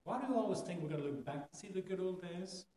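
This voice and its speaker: Irish preacher with a mellow voice. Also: male voice, high-pitched, lively intonation, quick pace. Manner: conversational, rhetorical questions, varied pace. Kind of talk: sermon.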